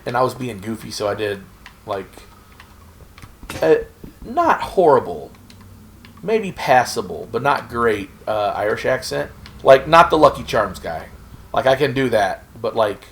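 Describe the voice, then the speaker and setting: A man's voice: mid-range voice, slight background noise. A man from Oklahoma chatting casually and rambling in a goofy way while he plays a game on stream. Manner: rambling, goofy, self-talk while playing. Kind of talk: casual gameplay chat.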